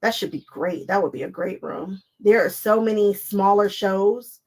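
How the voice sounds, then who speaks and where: A woman's voice: mid-range voice, normal speed, darkish tone, rough recording. A woman, hosting a casual crafting livestream, chatting to viewers while she sews and laughing often.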